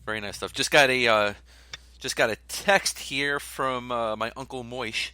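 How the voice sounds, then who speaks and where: Bright, dry-voiced Philadelphia-area guy hosting. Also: mid-range voice, measured pace, clear, resonant tone, no echo. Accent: Philadelphia-area American. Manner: laid-back, joking, many fillers and restarts. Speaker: podcast co-host. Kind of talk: casual sports chat.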